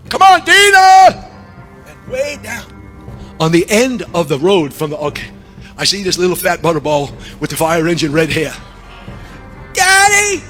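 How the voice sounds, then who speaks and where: A middle-aged man preaching a sermon through a long personal story, animated, dropping low and then shouting. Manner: animated, shifts from hushed to shouting.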